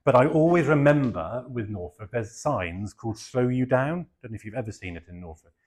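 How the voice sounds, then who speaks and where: A man's voice: on the low side, lively intonation, brisk, darkish tone, slightly rough. A middle-aged man from England with a southeast English accent, giving a rambling, self-deprecating talk with many fillers. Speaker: garden designer giving a talk. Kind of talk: chatty public talk.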